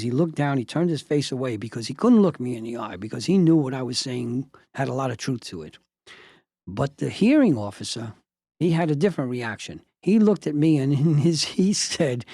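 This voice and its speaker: An older man hosting a podcast as a judge, telling a story emphatically and sometimes halting over repeated words. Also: mid-range voice, husky, dry recording, clean studio sound. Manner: emphatic, building to forceful outrage.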